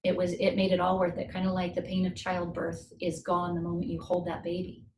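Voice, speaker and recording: A middle-aged woman, a guest speaker on a coaching call, tells a personal story and gives advice. She speaks earnestly and reflectively, slowing down to stress key points. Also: on the low side, completely flat delivery, noisy background. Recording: roomy echo.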